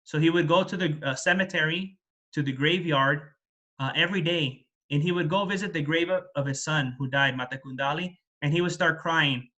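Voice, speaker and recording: A Buddhist monk tells a teaching story to his community, keeping the words simple and repeating phrases, often checking in with "right?". His voice is bright and forceful, and sits a little high for a man. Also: moderate pace. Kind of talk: dharma talk storytelling.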